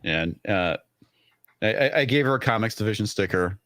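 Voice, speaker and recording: A man appearing as a guest in a casual chat, telling relaxed anecdotes with many fillers. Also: fairly low pitch, normal speed, a little hiss or hum.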